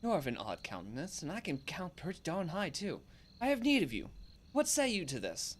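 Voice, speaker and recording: A pompous, formal town benefactor, read out by a man from a fantasy game. The lines come quick and lively, rising and falling as he plays up the stately wording. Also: sits high, pitched above the performer's own voice, exaggerated voice. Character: self-important male local benefactor.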